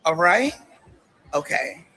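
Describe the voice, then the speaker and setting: A man on a livestream delivers warnings in a high, sharp, bright voice. He works in short bursts and closes almost every point with a pointed "okay?". The tone is confrontational throughout. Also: big pitch swings, takes it slowly, creaky, a little hiss or hum, poor audio.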